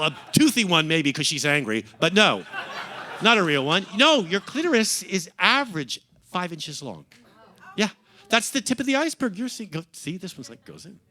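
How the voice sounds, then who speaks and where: A man's voice: fairly high pitch, sing-song, a little fast, bright, forceful tone. A middle-aged American man doing stand-up in a comedy club, teasing the crowd in a camp, sardonic way. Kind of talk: stand-up set, crowd work.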